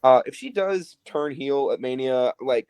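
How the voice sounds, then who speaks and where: A man co-hosting a podcast, chatting casually and animatedly with lots of fillers and asides. His voice sits at a middle pitch and sounds close and dry, with no room echo. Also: expressive, measured pace, a little mellow, clean tone. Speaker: podcast co-host. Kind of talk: casual chat.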